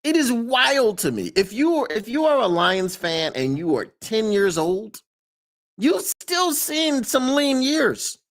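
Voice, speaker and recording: A man hosting a podcast live stream in casual chat, emphatic and quick to laugh, repeating his points for effect. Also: very high voice, sing-song, a bit bright.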